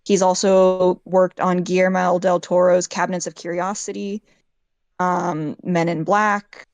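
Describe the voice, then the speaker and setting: A woman's voice: lowish voice, level tone, measured pace, no echo, muffled recording. A woman, a makeup and effects artist, talking casually in an interview and saying "like" a lot. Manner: chatty, heavy use of "like".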